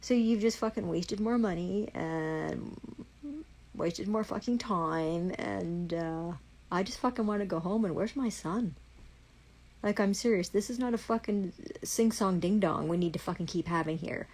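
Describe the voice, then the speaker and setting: Gravelly-voiced woman ranting angrily. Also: medium pitch, a little slow, a little mellow, rough recording. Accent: Canadian. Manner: swears constantly, heated and accusing. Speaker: livestreamer. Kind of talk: angry livestream rant.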